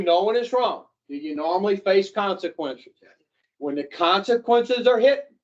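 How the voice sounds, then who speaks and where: A man, teaching an addiction recovery group, who talks bluntly, swears freely and keeps putting questions to the room. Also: sits high. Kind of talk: classroom talk to a recovery group. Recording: dull lo-fi recording.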